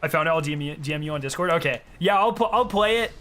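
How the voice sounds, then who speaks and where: A young man chatting casually with his viewers while he plays a game, rambling excitedly with lots of fillers. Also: on the high side, rapid-fire. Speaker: game streamer. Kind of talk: casual chat while playing.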